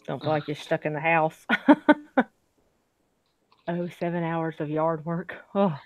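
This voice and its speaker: A woman's voice: sits low, little pitch movement, unhurried, no room sound. A woman chatting casually as a co-host, laughing often and dropping folksy sayings. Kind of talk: casual chat. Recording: dull, lo-fi, dry.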